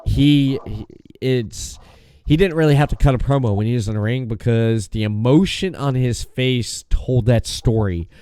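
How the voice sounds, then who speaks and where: A man's voice: mid-range voice, moderate pace, dark tone, clear, resonant tone, no echo. A man hosting a podcast, chatting casually and enthusiastically, often restarting his sentences and swearing now and then. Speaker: podcast host.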